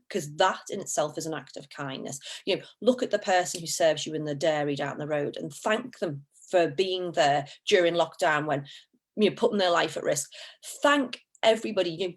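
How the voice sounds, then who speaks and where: A woman chats on a live stream about mental health. She is upbeat and encouraging. Now and then she swears casually. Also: lowish voice. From Liverpool, England.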